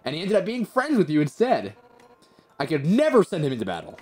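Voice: mid-range voice, huge pitch swings, a little fast, voice pushed up. A streamer voicing a brash hot-headed warrior captain. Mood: frank. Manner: brash, loud and teasing. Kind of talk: reading game dialogue aloud.

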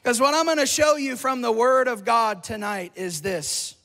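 A man preaching a revival sermon in a church, fervent, with a sing-song cadence and shouted peaks. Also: very high voice, moderate pace, gravelly. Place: large church hall. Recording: long church reverb.

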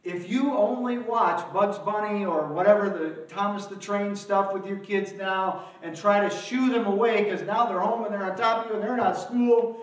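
A male pastor preaching a sermon in a church, with dramatic swings between loud outbursts and hushed emphasis. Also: sits high, recorded from a distance. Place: church, alone without live audience. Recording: very echoey room, voice from afar.

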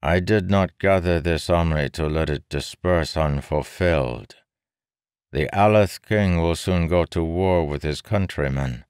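A sly male king who needles and persuades without ever raising his voice, as a man puts him on. The voice sits very deep and moves unhurried. It sounds like a storybook reading in a dry, close space. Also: no room sound. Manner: smooth, needling, calmly persuasive. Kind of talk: audiobook character voice.

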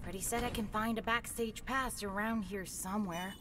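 A woman's voice: medium pitch, steady tone, normal speed, fairly bright tone, natural voice. A woman voicing an anxious, curious young boy in a video game. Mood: worried.

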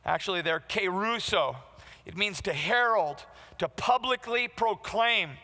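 Male pastor, middle-aged, punchy conversational sermon; bright, tense tone; long hall reverb. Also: sits high, lively intonation, unhurried. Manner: emphatic, conversational preaching with direct questions to the congregation.

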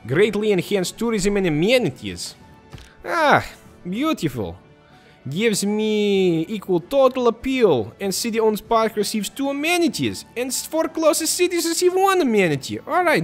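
A man putting on a deliberately bad, hammy Slavic accent while reading game text aloud. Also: sits high, very animated, faint music behind, voice pushed up. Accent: put-on Slavic. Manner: hammy, exaggerated.

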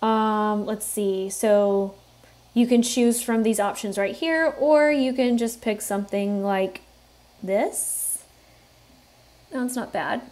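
A woman hosting a software tutorial, explaining each step in a relaxed way and thinking aloud with fillers as she works. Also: medium pitch, slow pace. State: has the hiccups. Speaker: tutorial host. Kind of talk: screen-recorded software tutorial.

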